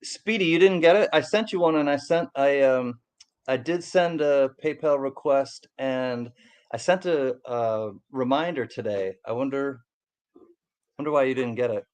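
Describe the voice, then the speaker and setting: Easygoing man with halting speech. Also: medium pitch, a little mellow, clear, resonant tone. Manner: halting, repeats words, easygoing. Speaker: co-host. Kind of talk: casual chat about coin collecting.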